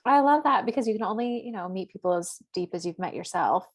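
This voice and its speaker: A woman's voice: mid-range voice, animated, fast. A woman co-hosting a podcast, talking casually about astrology in a chatty, rambling way full of "like". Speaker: podcast co-host.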